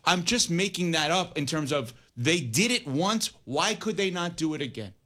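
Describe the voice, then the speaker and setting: A man's voice: fairly high pitch, expressive, normal speed, bright, forceful tone. A man hosting a sports talk radio show, arguing his points emphatically and weighing both sides.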